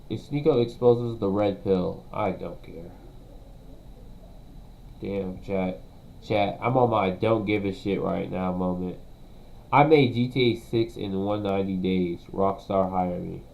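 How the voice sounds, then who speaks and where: A young man streaming himself reacting to a video, talking casually and ranting loudly with lots of slang and swearing. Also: mid-range voice, gravelly, poor audio. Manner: loud profane ranting, slangy.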